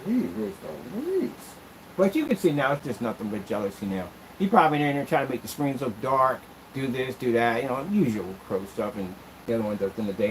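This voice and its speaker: This projection screen maker and seller rants through a casual vlog in a low-leaning voice, sounding aggrieved, rambling and repetitive. The recording is rough, with a bit of background noise.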